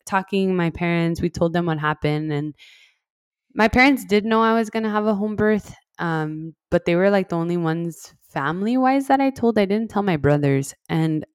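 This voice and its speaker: A woman's voice: on the low side, expressive, moderate pace, clear, resonant tone, no room sound, clean studio sound. A young woman from West Texas casually telling her own story, chatty and full of "like", acting out what others said. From West Texas, USA. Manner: chatty, heavy use of "like", acts out quoted dialogue.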